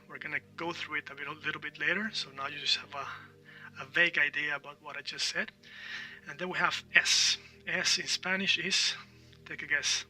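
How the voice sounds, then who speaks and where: A man's voice: a little high, bright, forceful tone, distant mic, poor audio. A man teaching a Spanish pronunciation lesson, repeating letter sounds and checking in with "all right?". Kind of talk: language lesson.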